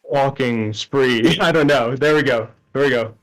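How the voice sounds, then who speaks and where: A man's voice: mid-range voice, a little slow, fairly bright tone. Awkward young man, laughing. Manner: awkward, self-mocking, laughs often. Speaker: contestant on a dating stream. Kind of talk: casual stream chat.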